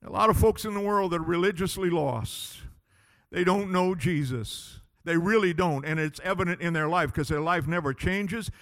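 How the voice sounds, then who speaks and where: A man preaching a sermon as pastor, impassioned, swinging between loud declarations and hushed pleading. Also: sits high, moderate pace, big-room sound.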